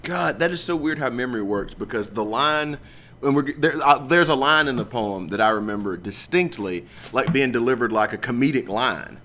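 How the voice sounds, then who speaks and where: A man co-hosting a podcast, teasing and animated, who often stammers over his restarts. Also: medium pitch, moderate pace, slight background noise. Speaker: podcast co-host. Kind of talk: casual chat.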